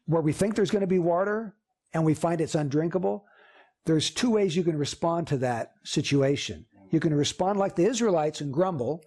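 A male pastor delivers a sermon in a church. His voice sits fairly high for a man, and he preaches earnestly, driving points home through repetition. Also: moderate pace, darkish tone. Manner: earnest, emphatic preaching with repeated phrases.

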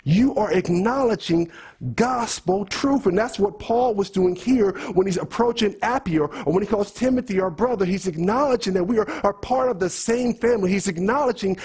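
A man's voice: high voice, normal speed, darkish tone, breathy edge. A man preaching a sermon, earnestly questioning his congregation.

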